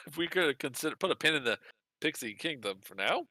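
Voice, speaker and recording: A man's voice: fairly high pitch, wildly swooping pitch, a little fast, bright, forceful tone, no room sound. A man narrating as game master in a casual, laughing way. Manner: casual, laughs often, many restarts.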